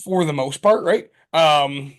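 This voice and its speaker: A man co-hosting a podcast in casual chat, rambling and profane with lots of fillers and animated storytelling. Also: on the high side, slow. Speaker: podcast co-host.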